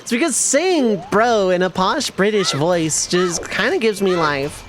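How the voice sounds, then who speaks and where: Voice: mid-range voice, animated, unhurried. Rambling, self-amused game streamer. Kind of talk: casual live-stream chat while gaming.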